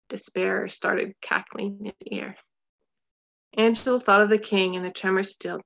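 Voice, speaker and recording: A woman narrating a children's storybook in a steady, measured voice of middling pitch. She slows her pace for tense moments. The recording is slightly muffled. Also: vocal fry. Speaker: audiobook narrator.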